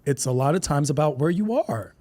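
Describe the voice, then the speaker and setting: A man, a comedian, chatting casually on a podcast, animated and joking, laughing often and slipping into quick voices for his stories. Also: a little high. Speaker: comedian guest.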